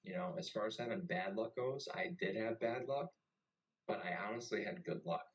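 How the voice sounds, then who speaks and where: A young navy veteran tells a story loosely and casually. His voice sits on the low side, and he swears freely and keeps things animated. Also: normal speed, rough recording. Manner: profane and animated. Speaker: podcast host and navy veteran.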